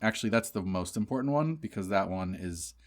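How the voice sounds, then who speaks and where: A man's voice: lowish voice, expressive, fairly quick. A young man co-hosting a casual podcast chat, wry and joking, drifting into rambling asides. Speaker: podcast co-host.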